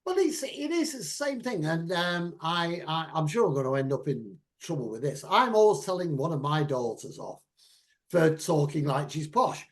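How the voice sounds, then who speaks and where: A middle-aged man ranting about politics in casual chat, animated and at times shouting. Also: fairly high pitch, normal speed.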